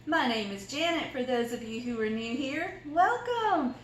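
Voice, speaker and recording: High-voiced Southern woman cooking at home. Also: moderate pace, echoey room, a little hiss or hum, poor audio. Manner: chatty, folksy, self-deprecating. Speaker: cooking vlog host. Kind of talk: casual cooking tutorial. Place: home kitchen.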